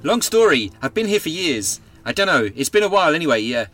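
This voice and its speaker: Brief: a man playing an upbeat, scatty woman friend in a comic sketch, pitched well up. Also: very animated, fast, fairly bright tone, soft background music. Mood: chirpy. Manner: upbeat, chatty, a bit scatty. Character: brisk, chirpy female rescuer friend.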